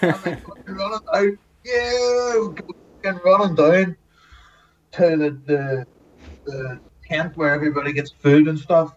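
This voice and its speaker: A man telling lively, profane stories as a podcast guest, acting out the people in them. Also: on the high side, measured pace, distant mic, a crowd in the background, low-quality recording. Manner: animated, swears often, acts out quotes. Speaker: guest, former TV extra. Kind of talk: casual storytelling.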